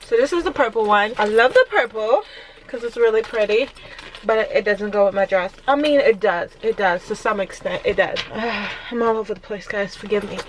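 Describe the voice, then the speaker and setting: A woman's voice: mid-range voice, a little fast, a little hiss or hum. A young woman, a mother vlogging casually to camera in a chatty, scattered way and laughing often. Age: young adult. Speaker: vlogger, mom of five.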